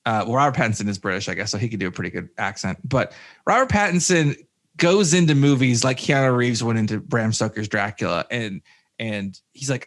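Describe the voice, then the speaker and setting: A man's voice: mid-range voice, fairly quick, a bit bright. A man co-hosting a casual movie review podcast, rambling with many fillers and restarts, with jokey asides. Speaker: podcast co-host.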